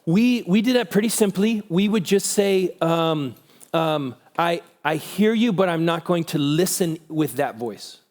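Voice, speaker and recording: A man's voice: a little high, unhurried. Middle-aged man, casual parenting talk. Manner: relaxed and conversational, many restarts. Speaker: conference speaker on parenting.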